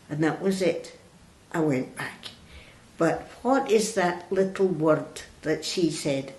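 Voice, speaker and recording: An older woman, a religious sister, recalls her past in an unhurried, thoughtful way. Her voice sits a little low and comes with restarts and small hesitations. The room around her rings noticeably. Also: a little mellow. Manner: slow, reflective, with restarts and hesitations. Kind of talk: reflective personal storytelling in an interview. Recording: roomy echo.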